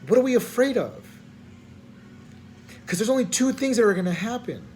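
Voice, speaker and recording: A high-pitched man with a drawl rambles and vents in the small hours, stammering through restarts with a frustrated, slangy edge. Faint room ambience sits behind him. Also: lively intonation, moderate pace, a little mellow, a little hiss or hum. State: tired at night. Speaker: preacher. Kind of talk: late-night rambling vent.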